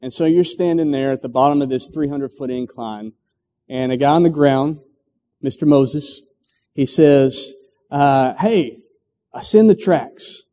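A man's voice: medium pitch, steady tone, unhurried, warm tone. A middle-aged man preaching a sermon, telling a story full of acted quotes and stumbling restarts. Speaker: pastor. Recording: long hall reverb.

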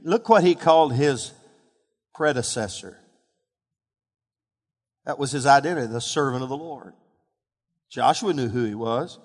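High-pitched guy preaching a sermon, gets loud and emphatic, hall echo behind him. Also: lively intonation, normal speed, pauses often. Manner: rises to loud emphatic peaks, calls for congregation responses. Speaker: pastor. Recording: hall reverb.

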